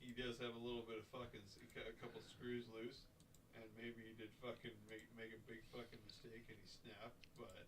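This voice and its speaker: A man's voice: mid-range voice, flat delivery, brisk, background noise. A man giving blunt, profane opinions in casual chat. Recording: voice distant from the mic.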